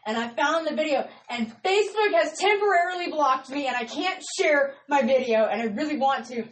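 Excitable woman, bouncy roomy voice. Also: sits high, fairly quick, few pauses, distant mic, a little hiss or hum. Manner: excitable storyteller, squeals when thrilled. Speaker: radio show host. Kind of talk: casual live radio chat. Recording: roomy sound from off-mic.

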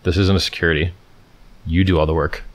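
A man from California chats casually on a livestream in a deep, low voice. He answers viewer questions emphatically, repeating phrases and restarting his sentences. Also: level tone, fast. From Stockton, California, USA.

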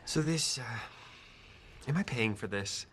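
Flustered rambling man, lively voice. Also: mid-range voice, measured pace, a little hiss or hum. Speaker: therapy patient in a sitcom. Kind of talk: sitcom acting.

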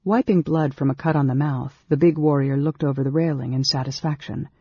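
A man reading a fantasy novel aloud as an audiobook narrator, in a measured, dramatic way. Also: on the high side, fairly even intonation, mellow, breathy edge, dry recording. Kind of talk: scripted narration. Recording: dull lo-fi recording.

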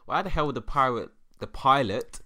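Man, podcast co-host, casual chat, very lively pitch, animated storytelling. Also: moderate pace. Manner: animated storyteller, swings his voice.

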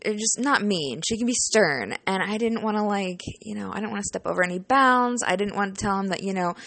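A young woman tells a casual storytime vlog about her student teaching partner, speaking fairly quickly in a mid-range, creaky voice with a fairly bright tone. She's chatty and emotional, leaning on "like" and "you know" and swearing casually. There's no echo.

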